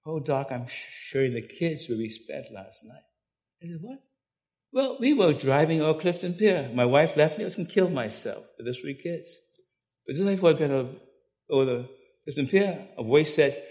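An older man, preaching a storytelling sermon that swings from loud, laughing anecdotes to hushed intensity. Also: mid-range voice.

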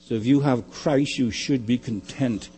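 A man preaching a sermon, emphatic and repetitive, often dropping to a quiet low. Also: unhurried, slightly rough. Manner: emphatic, repeating phrases, dropping to quiet lows.

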